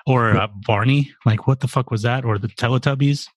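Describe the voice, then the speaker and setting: A man's voice: mid-range voice, brisk, dry recording. A man in his forties in a casual podcast chat, rambling and profane with lots of fillers. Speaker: podcast co-host.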